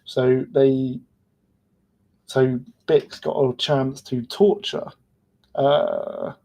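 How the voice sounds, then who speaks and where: Slow, mellow man recapping casually. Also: medium pitch, level tone, gravelly. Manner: loose, rambling retelling full of "like". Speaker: podcast panelist.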